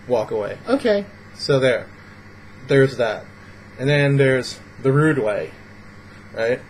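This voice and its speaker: A man's voice: medium pitch, expressive, slow pace, pauses often, slight background noise, rough recording. A man giving casual, rambling advice in a vlog, acting out little example scenes. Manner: rambling, filler-heavy, acts out little scenes. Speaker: vlogger.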